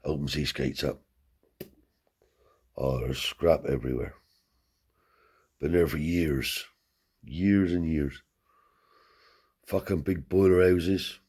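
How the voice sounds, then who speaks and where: A man's voice: a bass voice, slow pace, pauses often, darkish tone, slightly rough. A man telling a rambling anecdote in casual, profane speech, lifting his voice to act out the people he quotes. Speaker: storyteller.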